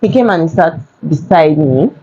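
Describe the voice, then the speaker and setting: A young woman with a Nigerian accent telling a casual storytime to camera, chatty and animated. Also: deep voice, normal speed, husky, highs cut off. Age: young adult. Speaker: vlogger. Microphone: phone.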